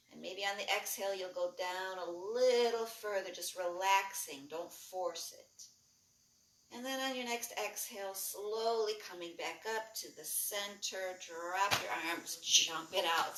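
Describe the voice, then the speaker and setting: Woman coaching a breathwork class, bright voice, kinda far from the mic in an echoey room. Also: mid-range voice, measured pace. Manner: calm, rhythmic cueing, mostly soft with brighter bursts. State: lightly breathless while jumping. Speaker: breathwork instructor. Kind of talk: guided movement and breathing class.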